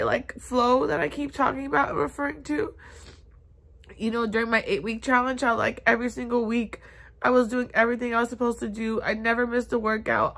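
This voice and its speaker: Tearful, halting young woman. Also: on the high side, creaky, fairly bright tone. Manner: tearful, halting, many fillers. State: upset, near tears. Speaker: vlogger. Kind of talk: confessional vlog. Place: bedroom, in bed.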